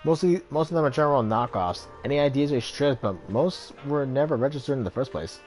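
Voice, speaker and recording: A man's voice: medium pitch, animated, fairly quick, a little mellow, faint music behind, voice pushed up, lightly acted. A nervous, shifty male drone seller from a video game, talking in eager salesman patter, as a man reads him aloud. He sounds keen to close the deal.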